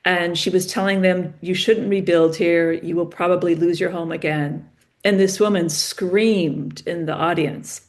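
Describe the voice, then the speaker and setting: A woman, a podcast guest, telling stories in casual conversation and acting out the dialogue. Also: lowish voice. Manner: animated, acts out dialogue in stories. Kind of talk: conversational storytelling.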